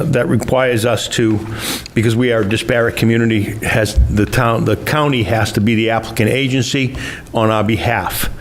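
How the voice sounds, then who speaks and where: A man's voice: mid-range voice, a little hiss or hum. A man speaking as police chief, briefing a town council in a formal, polite manner with some fillers.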